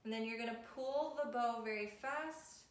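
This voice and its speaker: A woman's voice: on the high side, normal speed. Patient woman teaching violin, echoey room. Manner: patient, step-by-step explaining. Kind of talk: instructional video lesson. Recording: echoey room with faint noise.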